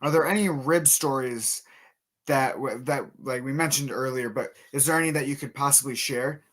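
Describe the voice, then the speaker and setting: A man's voice: medium pitch, normal speed, a bit bright. A male host of an interview podcast, asking questions and reacting briefly to his guest. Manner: short encouraging reactions, laughs along. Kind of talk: casual interview.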